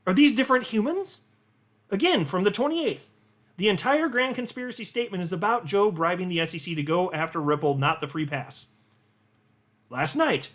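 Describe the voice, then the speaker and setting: A man with a high, lively voice that swings up sharply when he is incredulous. He reads posts aloud and reacts in an exasperated, folksy way, like a host talking straight to his viewers. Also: brisk. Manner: folksy sayings. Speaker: crypto commentary host. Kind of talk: reading posts aloud with commentary.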